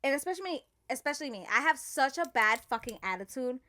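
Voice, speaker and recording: Brief: woman co-host, a little high-pitched, blunt and profane, easy laugher. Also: expressive, fast talker, pushed and bright. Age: adult with children. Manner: frank and profane, laughs easily. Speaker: podcast co-host. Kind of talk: casual chat.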